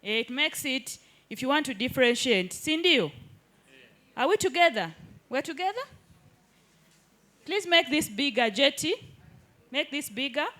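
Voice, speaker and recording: A woman's voice: high voice, expressive, measured pace, pauses often, fairly bright tone. A woman teaching a live hands-on workshop in an indoor training room, keeps checking that the group follows. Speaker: digital skills trainer.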